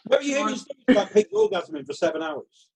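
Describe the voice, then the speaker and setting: A man's voice: extremely high pitch, huge pitch swings, fast talker, creaky. A man hosting a comedy quiz over a video call, reading out answers with playful mock drama. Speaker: quiz host.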